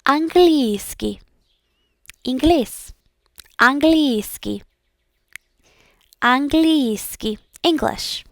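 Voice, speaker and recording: A woman's voice: high voice, very slow, long pauses, dry recording, studio quality. A young woman learning languages, repeating practice words aloud and chatting casually with fillers.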